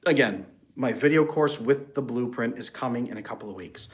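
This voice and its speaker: A man's voice: medium pitch, fairly quick. A man talking straight to viewers as a relationship coach, emphatic and direct, firing rhetorical questions at them. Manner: emphatic, rhetorical questions, acts out quoted partners. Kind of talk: direct advice monologue.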